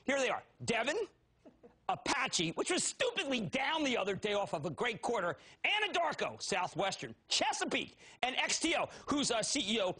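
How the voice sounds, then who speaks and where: Man, TV stock-show host, manic, theatrical, husky, high voice, swooping pitch. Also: very animated, normal speed. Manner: loud, manic and theatrical, shouting with big pitch swings. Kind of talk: excitable TV stock commentary.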